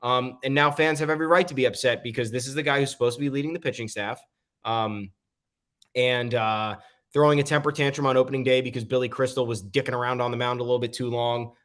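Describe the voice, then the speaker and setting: A man's voice: medium pitch, steady tone, fast, a bit bright. A man co-hosting a casual sports podcast, opinionated and leaning on frequent "um" fillers. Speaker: podcast co-host.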